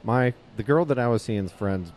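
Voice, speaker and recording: A man's voice: mid-range voice, moderate pace, a little mellow, a little hiss or hum. A man in his late twenties, a comedian guest, telling a long story in a rambling, profane way with many fillers and restarts. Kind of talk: casual storytelling interview.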